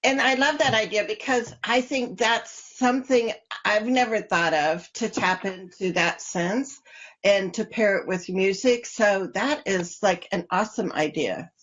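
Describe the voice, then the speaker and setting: A woman's voice: medium pitch, unhurried, fairly bright tone. A woman hosting a casual podcast interview, talking enthusiastically with lots of fillers. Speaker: podcast host. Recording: dull lo-fi audio.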